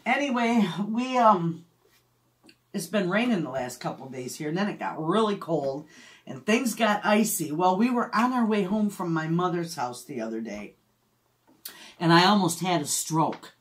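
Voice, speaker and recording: A woman's voice: lowish voice, animated, normal speed. Chatty middle-aged woman. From Michigan, USA. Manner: chatty storyteller, laughs often. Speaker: homestead vlogger. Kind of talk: casual chat.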